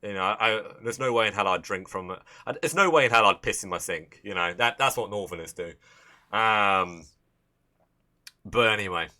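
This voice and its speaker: Speaking at a moderate pace in a lowish, bright, forward voice, a young Midlands man hosts a casual livestream. He rambles to his audience, swears freely, and stumbles over restarted sentences.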